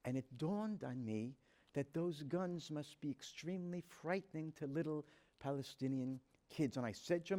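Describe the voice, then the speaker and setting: Male speaker, slightly high register, earnest storyteller at a talk, dramatizes the dialogue he quotes. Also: normal speed, mellow. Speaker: rabbi giving a talk. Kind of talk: personal storytelling to an audience.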